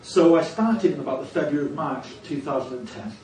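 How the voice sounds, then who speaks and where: A man's voice: on the high side, expressive, a little fast, mellow. Wry man giving a conference talk. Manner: wry, self-deprecating humour. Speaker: conference organiser and speaker. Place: conference hall. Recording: echoey hall, distant mic, audience present.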